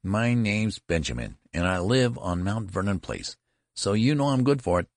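A man voicing an old man turned into a boy, barking pompous orders in a shrill treble. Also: lively intonation, brisk, no echo, clean studio sound. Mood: indignant. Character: old man grown young into a boy, fierce and indignant.

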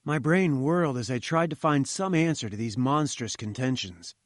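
A man narrating a story aloud in a measured, wry storytelling manner. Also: medium pitch, no room sound, studio quality. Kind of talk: audiobook narration.

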